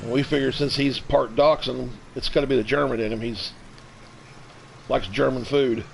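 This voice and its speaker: A man in his fifties giving casual, rambling commentary while playing a farming game, with halting restarts. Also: medium pitch, steady tone, creaky, slight background noise, low-quality recording. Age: 50s. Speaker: let's play streamer.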